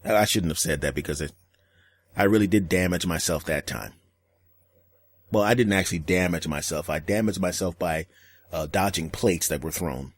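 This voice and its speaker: A man hosting a solo podcast, telling comic stories and acting out other people's lines with deadpan jokes. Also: low-pitched, moderate pace, dry recording. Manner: storytelling, acts out voices in quotes, deadpan jokes. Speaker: podcast host. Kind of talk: solo comedic podcast monologue.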